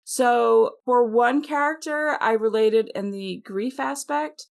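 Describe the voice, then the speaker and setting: A woman co-hosting a podcast, chatting casually and telling stories with quick asides. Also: fairly high pitch, gravelly. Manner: chatty, animated storyteller with laughs and quick asides. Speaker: podcast co-host. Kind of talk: casual chat.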